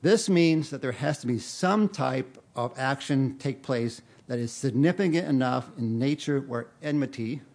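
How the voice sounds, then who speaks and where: A middle-aged man preaching a sermon in a relaxed, conversational way. He often pokes fun at himself and breaks into laughter while he talks. His voice sits at an ordinary male pitch. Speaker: pastor. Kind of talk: sermon with personal story.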